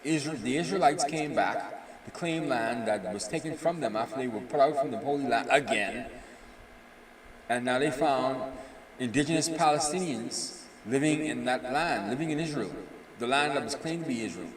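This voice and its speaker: Tired guy rambling thru the news on a live stream, mid pitch, sounds far off in an echoey room. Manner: rambling, opinionated, many filler pauses. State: tired, yawning. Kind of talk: casual news commentary. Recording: roomy echo, distant mic.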